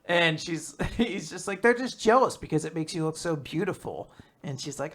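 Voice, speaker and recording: A man hosting a casual podcast, recapping comic chapters and acting out the characters' lines with jumps in pitch and frequent laughter. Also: expressive, normal speed, fairly bright tone. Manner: acts out character quotes with shifting pitch, laughs often. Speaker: podcast host recapping manga.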